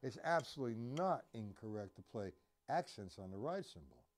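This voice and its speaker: Speaking at normal speed with a medium pitch and big pitch swings, a man teaches drums on a live stream with faint music behind him. He's casual and demonstrative, counting beats out loud and scatting the sounds of the drums.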